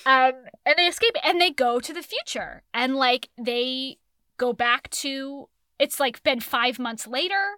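A young woman with a high, bright voice that swoops up and down, chatting about a book as a co-host. She swears freely and acts out the characters she quotes. The sound is dry and close. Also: animated, a little slow, clean tone, dry recording. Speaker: podcast co-host. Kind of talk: casual book discussion.

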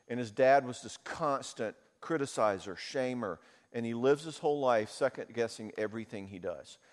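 A man giving a conference talk, telling personal stories candidly and with feeling. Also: on the low side. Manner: candid, storytelling, emotional. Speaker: conference speaker. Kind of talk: talk with audience Q&A. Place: conference hall. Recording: reverberant hall.

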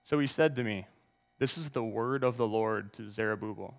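A man's voice: on the low side, fairly even intonation, moderate pace, creaky, in a large hall. A man preaching a sermon, reading scripture aloud and asking the congregation to turn to verses. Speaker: pastor.

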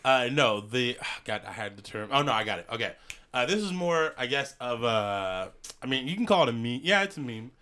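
Bright-voiced tipsy man rambling. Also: mid-range voice, animated, fairly quick, smooth. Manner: rambling, profane, trails off and restarts. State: a little drunk. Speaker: podcast co-host. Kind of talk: casual chat.

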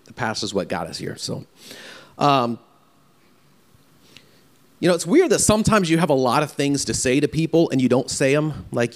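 A man preaching a farewell sermon in an earnest, halting way, often repeating words as he speaks. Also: mid-range voice. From Louisiana. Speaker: pastor.

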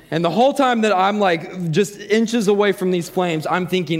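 A man's voice: high-pitched, normal speed, hardly any pauses. Self-mocking man telling a story. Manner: self-deprecating, lots of fillers and restarts. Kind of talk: personal anecdote, casual storytelling. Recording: long hall reverb.

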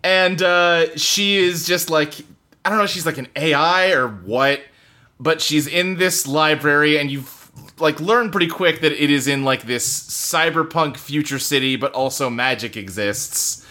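A man's voice: on the high side, measured pace, bright, forceful tone. A man co-hosting a casual chat about games from his home office, speaking loosely with lots of fillers and the odd curse word. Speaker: podcast co-host. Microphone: desktop computer setup.

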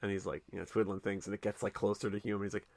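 A man's voice: on the low side, flat delivery, rapid-fire, gravelly, a little mellow, no room sound. Chatty, profane man on a dry mic. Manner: chatty, profane, laughs often, acts out lines in quotes. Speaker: podcast co-host. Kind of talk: casual film discussion. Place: home, recorded late at night.

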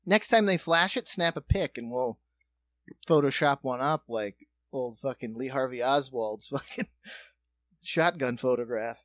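A man co-hosting a podcast, telling a story in casual chat and acting out the voices and shouts of the people in it. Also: medium pitch, lively intonation, unhurried, no room sound. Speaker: podcast co-host.

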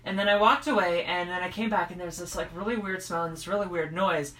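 A woman co-hosting a podcast in casual chat, telling stories in a chatty, animated way. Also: lowish voice, fast talker, low-quality recording. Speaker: podcast co-host.

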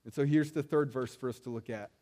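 A man's voice: mid-range voice, fast talker, dark tone. A man giving a conversational sermon, retelling stories in a casual way and often checking in with "right?". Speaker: preacher.

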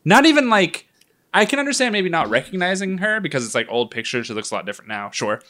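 A man whose voice sits a little high and leaps up and down a lot. He talks in casual podcast chat, ranting in an exasperated way and swearing freely. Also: lively intonation, quick pace, bright, forceful tone.

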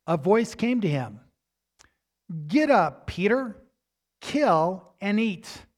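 A male preacher with a high voice teaches from scripture at an unhurried pace. He drives home his key words with emphasis and breaks off for quick asides to his listeners. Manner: emphatic, rises in pitch to stress key words; asides to the congregation, asks "right?". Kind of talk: sermon teaching.

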